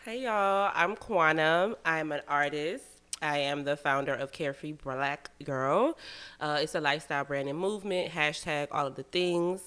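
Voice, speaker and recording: Brief: young female guest from Savannah, crisp bright tone, giggly and expressive. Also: sits low, moderate pace. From Savannah, Georgia, USA. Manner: giggly, expressive, laughs often. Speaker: guest, musician. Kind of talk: casual interview chat.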